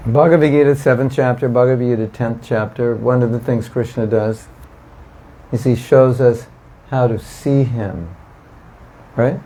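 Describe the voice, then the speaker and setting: A man's voice: mid-range voice, a little slow, mellow, poor audio. A man giving an informal devotional class to a live audience, chatty and emphatic, often asking listeners questions. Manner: conversational, asks the audience questions, emphatic repetition. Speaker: spiritual teacher giving a class.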